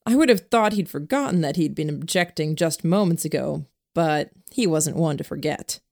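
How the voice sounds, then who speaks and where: A woman reading a novel aloud as narrator in a steady first-person storytelling voice. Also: low-pitched, normal speed, vocal fry, no echo, studio quality. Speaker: audiobook narrator. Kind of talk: scripted narration.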